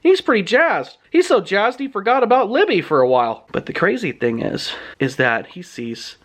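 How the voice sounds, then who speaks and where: A man retelling a book's plot in his own words, in a chatty, animated storytelling manner. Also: sits high, moderate pace. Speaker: book reviewer.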